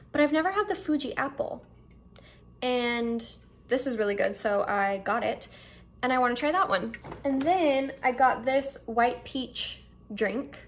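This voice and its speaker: A chatty young vlogger with a bright, high voice films a casual haul and taste-test at home, the air conditioner adding a little hiss or hum. She sounds excited and thinks aloud as she tastes.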